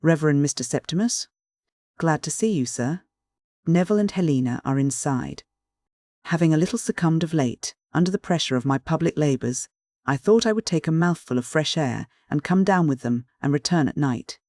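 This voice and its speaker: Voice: medium pitch, lively intonation, moderate pace, darkish tone, no echo, clean studio sound, close to an everyday voice. A narrator voicing a good-humoured young male clergyman who speaks in a mild, friendly way, in a storybook reading.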